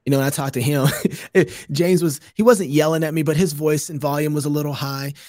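A man talking as a podcast host, casual and animated, often breaking into laughter and restarting his thoughts. His voice sits a bit high for a man, and the sound is close and dry with no room around it. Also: a little fast, dry recording. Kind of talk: casual chat.

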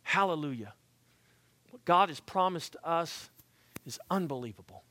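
A man preaching a sermon as pastor, swinging from hushed passages to loud exhortations, with folksy joking asides. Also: a little high, expressive, normal speed, dry recording.

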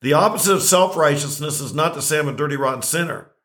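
An older man with a bright, forceful voice speaks plainly in casual conversation. He is reflective and self-deprecating, talking about faith with an easy, relaxed directness. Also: on the high side, fast.

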